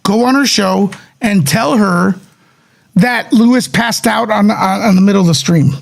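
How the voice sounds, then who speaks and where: A man hosting a casual livestream, his voice worn hoarse and raspy, talking straight to his viewers. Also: high voice, measured pace. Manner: rambling, addresses viewers directly. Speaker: livestream host.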